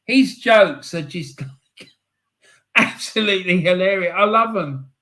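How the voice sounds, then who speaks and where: Chatty high-voiced English man host. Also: lively intonation, slow, bright, forceful tone. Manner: chatty, laughs often, repeats phrases for emphasis. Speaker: live stream host. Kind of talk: casual live chat reading comments.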